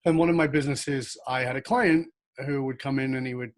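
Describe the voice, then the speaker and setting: A man in his fifties, an interview guest, telling a story with lively laughter. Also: medium pitch, fairly quick.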